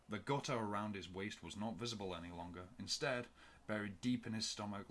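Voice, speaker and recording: Male audiobook narrator, low voice, steady measured read. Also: a little hiss or hum.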